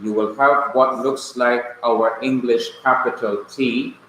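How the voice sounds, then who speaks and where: A male Bible language teacher from Jamaica, lecturing a class slowly and patiently, repeating key points. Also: mid-range voice, steady tone, sharp tone, slight background noise. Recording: echoey classroom, mic at a distance.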